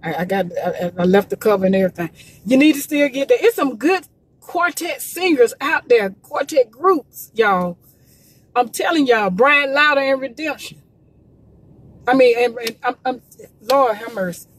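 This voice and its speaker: A woman's voice: fairly high pitch, lively intonation, moderate pace. A woman promoting gospel music in a casual livestream, urging listeners with emphatic, repetitive preachy calls.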